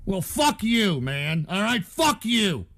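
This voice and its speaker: A very high-pitched, gravelly man rants furiously at his chat. He stammers and spits out long strings of crude insults, sounding thoroughly angry. His voice stays raspy and shrill throughout. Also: very animated, slow pace, a bit bright. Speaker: live show commentator. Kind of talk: profane ranting at chat.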